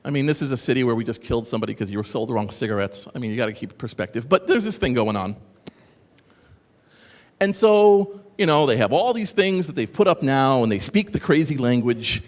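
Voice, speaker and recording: Echo fills the hall as a man gives a lively, brisk conference talk. His pitch jumps around, and his sarcastic, animated style keeps wandering into asides for the audience.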